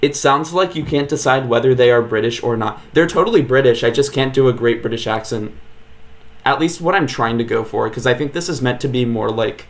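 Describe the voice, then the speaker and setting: A man's voice: medium pitch, fairly quick. A man streaming a video game, chatting casually with viewers in a laid-back, filler-heavy way. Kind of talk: casual live-stream commentary.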